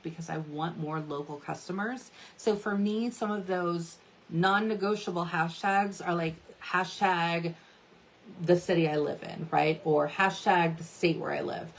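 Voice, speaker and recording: A woman in her thirties giving a chatty social media tutorial, often checking in with "right?" and "okay?". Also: fairly low pitch. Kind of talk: casual tutorial talk to camera.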